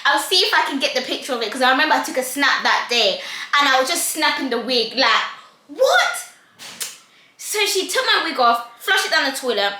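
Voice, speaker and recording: A woman's voice: high-pitched, lively intonation, fast talker, bright, forceful tone. A young woman telling a dramatic storytime, acting out everyone's voices. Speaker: storytime vlogger. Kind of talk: animated storytime. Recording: echoey room.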